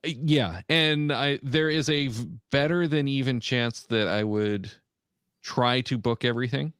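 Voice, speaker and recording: A man co-hosting a casual podcast chat, reading through a list with frequent pauses and fillers. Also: mid-range voice, fairly bright tone, clear, resonant tone, no echo, clean studio sound. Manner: halting, many "uh" fillers while reading out a list. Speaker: podcast co-host.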